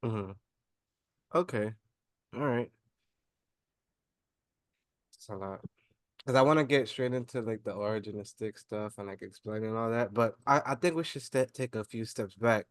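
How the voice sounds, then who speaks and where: A man's voice: fairly low pitch, normal speed, pauses often, clean tone, no echo. A man hosting a podcast, asking loose, rambling questions in casual slang with frequent restarts. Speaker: podcast host. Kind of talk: casual interview.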